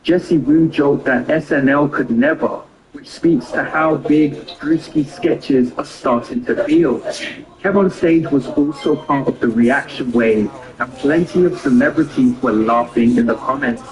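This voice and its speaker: A man reading scripted commentary in an even, explanatory voice-over. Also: mid-range voice, measured pace, poor audio. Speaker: commentary narrator.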